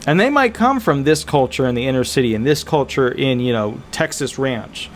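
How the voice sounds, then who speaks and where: A man speaking as a disability attorney, giving casual, animated advice to viewers, emphatic and repetitive with frequent fillers. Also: mid-range voice, normal speed, a little hiss or hum. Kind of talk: casual advice talk to camera.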